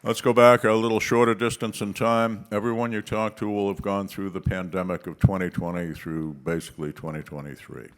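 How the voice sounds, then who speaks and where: A man giving a speech at a policy conference, telling stories with forceful, punchy emphasis and pauses. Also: on the low side, fairly even intonation, clear, resonant tone. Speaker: conference speaker.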